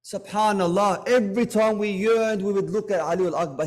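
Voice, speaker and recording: A man delivering a Muharram majlis sermon in a fairly high but soft, mellow voice. He talks to the congregation in an easy conversational way, asking them questions as he goes. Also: moderate pace. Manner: retells stories with acted dialogue. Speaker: religious lecturer.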